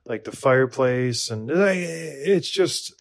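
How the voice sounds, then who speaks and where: A rambling American man in his thirties chats loosely on a podcast. He stumbles and restarts often and pokes fun at himself, at a mid-range pitch. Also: lively intonation, slow pace, vocal fry. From United States. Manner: rambling, self-deprecating, lots of restarts and fillers. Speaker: podcast co-host. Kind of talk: casual chat.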